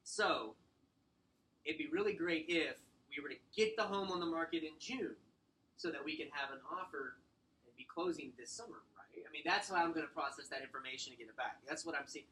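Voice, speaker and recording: A man giving a sales training talk to a small room, acting out client scripts and slowly stressing short commands. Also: on the high side, sharp tone, slight background noise, rough recording. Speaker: real estate sales trainer.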